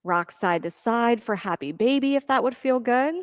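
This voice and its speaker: A woman teaching a yoga class, giving steady counting cues and encouraging her students. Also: a little high, normal speed, no echo, studio quality. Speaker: yoga instructor. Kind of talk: leading a live yoga class.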